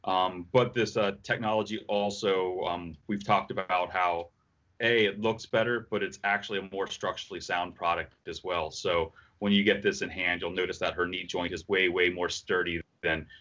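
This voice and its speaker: Man, low voice, enthusiastic product designer, halting delivery, muffled lo-fi audio. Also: fairly even intonation, bright, forceful tone. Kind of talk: live stream product walkthrough.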